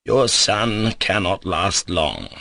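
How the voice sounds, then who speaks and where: A man voicing an old male doctor, calm and matter-of-fact. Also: low voice, slow, vocal fry, dry recording, exaggerated voice.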